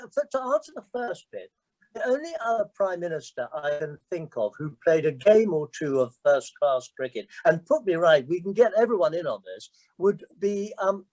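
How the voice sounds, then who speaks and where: An older man in his sixties spins cricket yarns with a lively, swooping voice, slightly higher than most men. He is self-deprecating and chatty, and his pitch jumps whenever he quotes someone. The sound is dry and close, as on a video call. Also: no room sound, rough recording. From England. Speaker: former county cricket captain, guest. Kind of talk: animated anecdotal storytelling.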